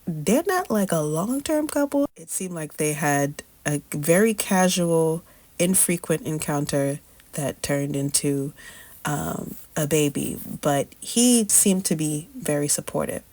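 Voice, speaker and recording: A woman's voice: deep voice, darkish tone, dry recording. A young woman telling a personal story in a candid, chatty way, with slangy asides and frequent laughs. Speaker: storytelling host.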